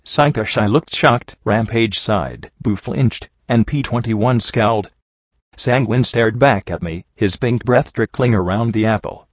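Low-voiced man narrating a story. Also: a little slow, no echo. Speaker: audiobook narrator. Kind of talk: first-person storybook narration. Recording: dry, slightly dull home recording.

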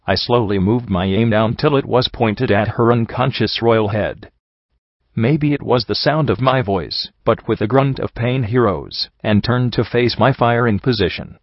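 A man's voice: medium pitch, a little slow, no echo, muffled recording. A man narrating a dramatic first-person story in an earnest, emotional reading.

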